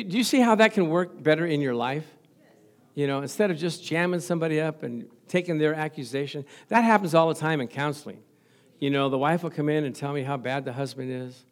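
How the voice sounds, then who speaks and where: Middle-aged male pastor, light playful sermon voice, a little high. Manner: playful, joking with the congregation. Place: church with a live congregation.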